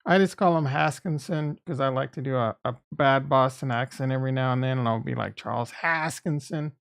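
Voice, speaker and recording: A man's voice: mid-range voice, fairly even intonation, a little fast, vocal fry, smooth. A man hosting his own live stream in a casual, rambling way, often breaking off mid-sentence and filling gaps with "uh" and "like". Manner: rambling and self-interrupting, with frequent fillers. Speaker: streaming channel host.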